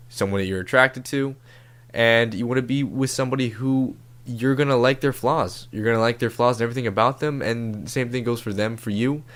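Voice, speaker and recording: Laid-back cursing podcast host, a man. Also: medium pitch. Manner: casual, profane, laid-back. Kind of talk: comedic podcast advice.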